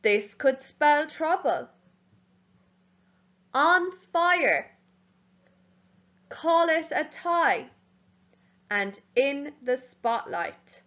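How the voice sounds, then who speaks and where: Slow, bright-voiced woman teacher. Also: sits high, big pitch swings, highs cut off. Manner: slow, spells words letter by letter. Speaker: primary school teacher. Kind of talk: home learning lesson.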